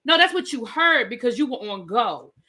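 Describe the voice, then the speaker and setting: A woman hosting a casual reality TV recap, opinionated and animated, acting out what people said. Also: fairly high pitch, moderate pace. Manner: animated, opinionated, acts out quotes. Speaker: recap show host.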